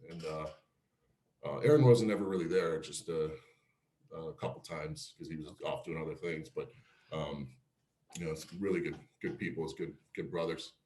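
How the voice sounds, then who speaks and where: A former pro pitcher from Cleveland telling career stories in a casual interview, laughing often and acting out quotes. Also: male voice, moderate pace, reverberant, slight background noise. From Cleveland, Ohio. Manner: animated storyteller, laughs often, acts out quotes.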